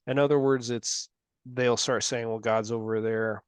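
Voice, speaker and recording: A man's voice: medium pitch, steady tone, a little slow, clean tone, no echo. A man leading a group religious study discussion, talking earnestly and carefully, often correcting his own wording.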